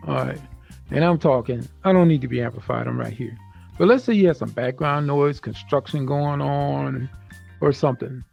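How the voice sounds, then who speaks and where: Gravelly man giving casual tutorial. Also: on the high side, moderate pace, muffled recording, soft background music. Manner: loose, conversational, uses food comparisons. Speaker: VR video creator teaching audio tips. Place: virtual reality space, voice through headset.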